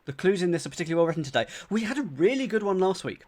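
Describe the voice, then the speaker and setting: A UK man live-streams himself solving a crossword, speaking very fast in a high, sing-song, slightly mellow voice. He thinks aloud, repeats clues, and chats to his viewers with many fillers and restarts in casual commentary.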